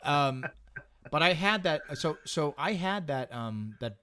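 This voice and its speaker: A man co-hosting a casual movie review podcast, joking crudely and laughing along with quick yeps. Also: a little high, animated, bright, forceful tone, clean tone. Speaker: podcast co-host.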